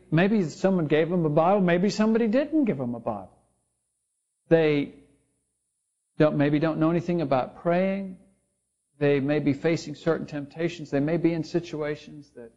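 Guy preaching, high voice but mellow tone, kinda dull lo-fi audio, chatty storytelling. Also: normal speed, long pauses. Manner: storytelling, conversational with quoted voices. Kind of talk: sermon. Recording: dull lo-fi sound.

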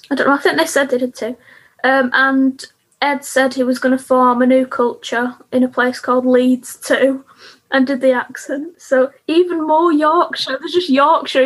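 A young woman co-hosting a podcast, chatty and quick as she recaps an episode with laughs. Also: high-pitched, husky. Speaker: podcast co-host. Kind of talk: casual chat.

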